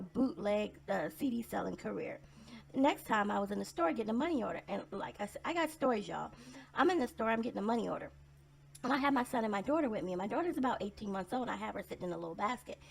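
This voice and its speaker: A woman's voice: mid-range voice, gravelly. A woman telling personal stories in a casual vlog monologue, blunt and sarcastic in a conversational way.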